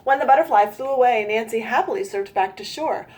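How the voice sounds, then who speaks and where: Reading a picture book for kids, a woman uses a lively storytime voice that's a little high and fairly quick. She breaks off now and then to put questions to her audience and add remarks.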